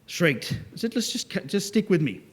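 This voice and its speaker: A man with a fairly high-pitched voice gives a business talk to a live audience. He is lively and joking and keeps pulling the listeners into the story. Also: husky. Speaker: business speaker.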